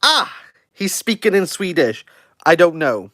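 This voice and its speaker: Excitable Welsh man reacting live. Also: high-pitched, measured pace, no room sound, studio quality. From Wales. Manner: excitable, jokey, self-mocking. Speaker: book reviewer. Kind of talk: live reaction, casual chat.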